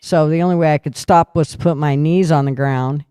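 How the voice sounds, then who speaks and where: A man's voice: fairly high pitch, fairly even intonation, brisk, dark tone, clear, resonant tone, no echo, clean studio sound. A man hosting a casual talk show, telling rowdy stories with lots of swearing and laughter. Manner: profane, laughing storyteller. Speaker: podcast host. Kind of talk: casual storytelling chat.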